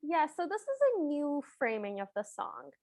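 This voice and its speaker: A woman's voice: high-pitched, big pitch swings, normal speed, darkish tone, no room sound, studio quality. A woman co-hosting a podcast, recapping the plot with wry, playful sarcasm. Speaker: podcast co-host. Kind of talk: casual chat.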